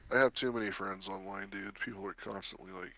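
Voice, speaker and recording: A man's voice: low voice, steady tone, fairly quick, fairly bright tone, no echo. A man playing in a tabletop game, chatting casually and joking with the group. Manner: jokey, laughs often. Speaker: player.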